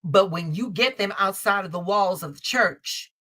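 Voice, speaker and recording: A woman's voice: mid-range voice, moderate pace, a bit bright. A woman hosting a live tarot stream, talking bluntly and emphatically, with frequent swearing and repeated phrases. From Chicago. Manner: blunt, profane, emphatic storytelling. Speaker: host, tarot reader. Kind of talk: casual live-stream chat.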